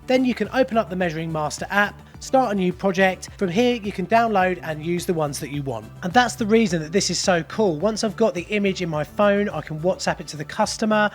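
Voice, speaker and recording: Chatty man with a high voice. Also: brisk, few pauses, faint music behind. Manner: chatty and jokey, explaining as he works. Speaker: plumber. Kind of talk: casual how-to vlog. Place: boot room of a house, indoors.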